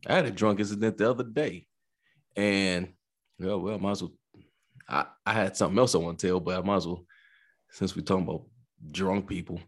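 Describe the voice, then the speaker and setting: A low, husky male voice carries this casual podcast chat. He's a police officer swapping stories with his co-hosts, animated and quick to act out what people said. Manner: animated storyteller, acts out quotes with laughter.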